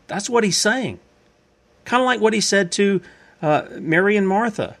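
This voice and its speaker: A man's voice: sits high, very animated, moderate pace, a bit bright. Man preaching in a chatty, repetitive way. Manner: conversational, repetitive, asks and answers his own questions. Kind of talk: informal Bible-teaching sermon.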